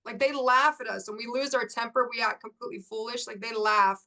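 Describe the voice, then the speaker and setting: A middle-aged woman coach, a guest in an interview, telling a story in lively bursts and laughing often. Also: on the high side, fairly quick.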